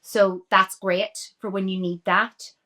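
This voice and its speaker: A woman's voice: medium pitch, flat delivery, slow pace, bright, forceful tone. A woman in her forties with a Northern Irish accent, a guest actress talking earnestly and emphatically in a casual interview. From Northern Ireland.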